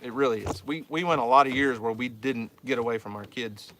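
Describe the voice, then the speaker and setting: The host of a homestead channel, a man from South Central Oklahoma, answers viewer questions by chatting casually and spinning a rambling story, repeating words as he goes. He speaks fairly quickly in a mid-range voice against a noisy background.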